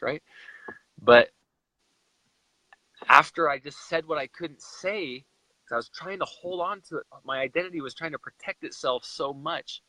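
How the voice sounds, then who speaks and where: Bright, animated young man from Utah. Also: medium pitch, normal speed, dry recording, low-quality recording. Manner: emotional, animated retelling. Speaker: guest. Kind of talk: personal storytelling in a live chat.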